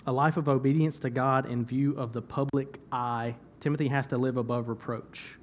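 A man's voice: medium pitch, steady tone, moderate pace, slight background noise. A young man preaching a sermon in church, talking conversationally, repeating phrases for emphasis and laughing at himself now and then. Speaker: pastor.

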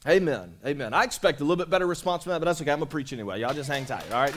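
Male pastor, slightly high voice, relaxed conversational sermon style with call-outs. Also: quick pace, a little hiss or hum. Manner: conversational, repeats himself, calls out to the congregation. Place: church sanctuary.

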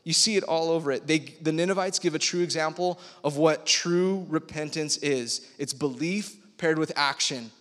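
A young man preaching to a youth group in an energetic, slangy way, bringing the story to life with animated storytelling. His voice sits a little high for a man. The sound carries a long reverb from a large church hall. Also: normal speed, hardly any pauses. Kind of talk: casual youth sermon.

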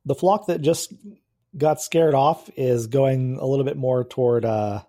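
A man serves as game master for a tabletop role-playing session. His voice is dark and mellow, and he lays out each scene in an easy, unhurried way, filling pauses with "uh.". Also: mid-range voice. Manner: relaxed, describing scenes with filler "uh"s.

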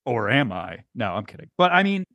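A man's voice: mid-range voice, big pitch swings, brisk, a bit bright, no room sound. Laid-back rambling male podcast host. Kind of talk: casual chat. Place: home, New Jersey.

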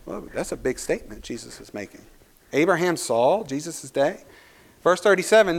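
A man's voice: a little high, expressive, moderate pace, creaky, husky. A male pastor preaching a sermon, reading scripture aloud and building to emphatic points.

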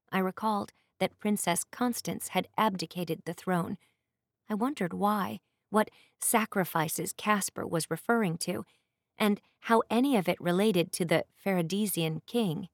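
A woman reading a first-person fantasy audiobook in a measured, descriptive way. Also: fairly low pitch, no room sound, studio quality. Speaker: audiobook narrator. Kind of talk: scripted first-person narration.

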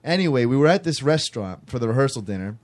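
A man's voice: mid-range voice, sing-song, fast. A man casually telling a rambling, self-amused story on a podcast, restarting his phrases as he goes.

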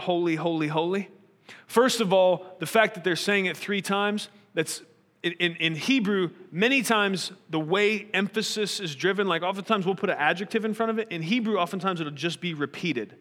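Bright-toned preacher in a reverberant hall. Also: male voice, sits high. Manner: earnest, probing rhetorical questions. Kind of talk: sermon.

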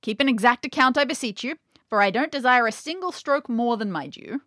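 Stubborn old-tale fisherman, read aloud by a woman, raised emphatic voice, very lively. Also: fairly high pitch, fairly quick, dry recording, studio quality, pitched above the performer's own voice. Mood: insistent. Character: bold stubborn fisherman bargaining with a lord.

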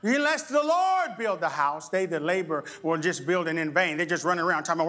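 Call-and-response with the congregation punctuates this animated sermon by a middle-aged pastor, who lets out abrupt high-pitched exclamations. In brief asides, he imitates the voices of others.

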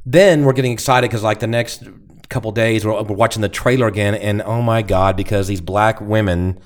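A man's voice: on the low side, fairly even intonation, fairly quick. A man co-hosting a podcast, telling stories in casual chat with frequent restarts and stumbles. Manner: rambling storyteller with many restarts. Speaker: podcast co-host.

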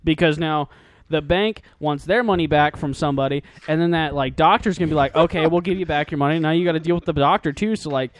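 Fast-talking young man, rambling. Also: a little high, dry recording. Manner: rambling, joking theorizing. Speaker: podcast co-host. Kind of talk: casual chat.

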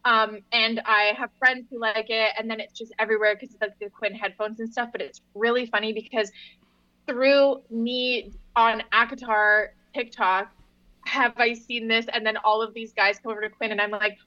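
A woman's voice: fairly high pitch, fairly even intonation, moderate pace, pushed and bright, dry recording, dull audio. A young woman co-hosting a podcast, making wry asides and wandering off on tangents in casual book chat. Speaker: podcast co-host.

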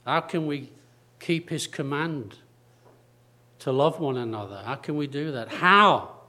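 A man preaching a sermon slowly and deliberately, repeating phrases and pausing for emphasis. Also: mid-range voice.

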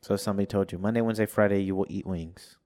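A man's voice: low voice, fairly even intonation, rapid-fire, warm tone. A man in casual podcast chat, playful and posing hypotheticals to his friends.

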